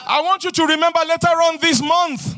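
A man preaching a fervent sermon in church, swinging between loud shouted declarations and quieter talk. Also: very high-pitched, fairly even intonation, brisk, some chatter behind. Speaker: pastor.

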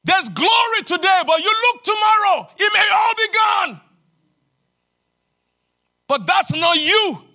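Fiery male preacher, very high voice, often shouting, hallelujah refrains. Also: sing-song, a little slow. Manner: emphatic, repetitive exhortation with frequent hallelujahs; sing-song preaching cadence that drops to a hushed, low rebuke. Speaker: pastor. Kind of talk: sermon.

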